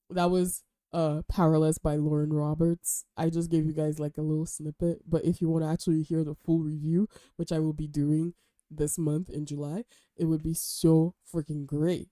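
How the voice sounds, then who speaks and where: A young woman chatting casually and excitedly while reviewing books she has read. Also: low-pitched, no room sound, studio quality. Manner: gushing, chatty, animated. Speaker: book vlogger and podcast host. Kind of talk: casual book review chat.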